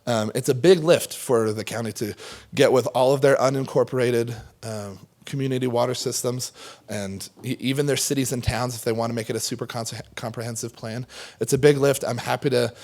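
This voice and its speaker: A man closes out a conference panel presentation, reading off a string of questions and then thanking the audience easily. His voice is mid-pitched and ordinary. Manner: rapid list of questions, then relaxed closing thanks.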